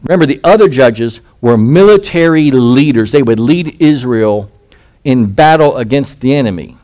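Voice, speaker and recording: A man's voice: medium pitch, animated, normal speed, dark tone. A male pastor giving an expository sermon, reading scripture aloud and putting rhetorical questions to his listeners.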